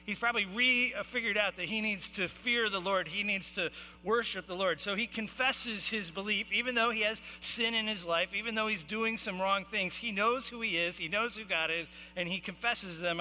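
A man preaching a sermon as pastor, reading scripture and explaining it in casual, animated talk. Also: high voice, normal speed, hardly any pauses. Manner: animated, acts out the sailors' shouting. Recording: long hall reverb, faint music and mains hum.

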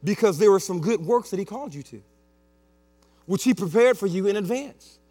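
A man's voice: high-pitched, animated, moderate pace, dark tone. A man preaching a sermon with emphatic repetition and playful asides. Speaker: pastor. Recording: long hall reverb with mains hum.

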